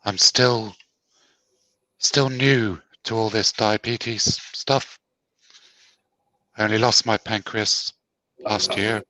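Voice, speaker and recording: A man with a bright, forceful voice co-hosts a casual live stream, reading out viewer comments. His banter is chatty and teasing, with a dry sense of humour. The sound is close and dry. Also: on the low side, steady tone, slow pace, pauses often, dry recording, low-quality recording.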